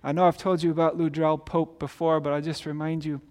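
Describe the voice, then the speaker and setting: This pastor, a man with a high voice, preaches loosely and conversationally, a little fast, with a level tone that's slightly mellow. He trips over his first words, checks in with "right?" again and again, and a long reverb clings to his voice.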